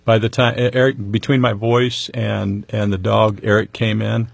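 A man's voice: lowish voice, flat delivery, moderate pace, vocal fry, dry recording. A middle-aged man telling his story as an interview guest, talking in an earnest, conversational way with touches of wry humor. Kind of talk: personal storytelling.

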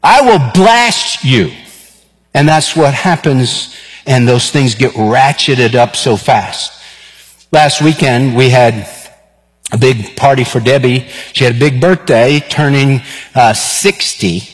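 Animated pastor in his fifties. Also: mid-range voice, takes it slowly, husky. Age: 50s. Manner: animated storyteller, acts out dialogue. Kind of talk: sermon with personal storytelling. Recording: long reverb of a large hall.

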